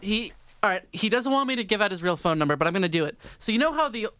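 High, bright absurdist podcast man. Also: fast, clean tone, no echo. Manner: absurd deadpan bits. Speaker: podcast cohost. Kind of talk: casual podcast banter.

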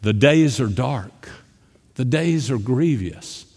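A man preaching a sermon, telling a personal story and moving between quiet, hushed passages and emphatic ones. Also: mid-range voice, lively intonation, slow, breathy edge, in a large hall.

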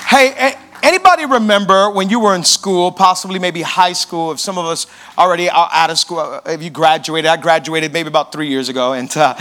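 A young male pastor in his twenties, preaching with energetic storytelling and repeated questions to the crowd. His voice sits very high for a man and rings bright and forceful. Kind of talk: sermon.

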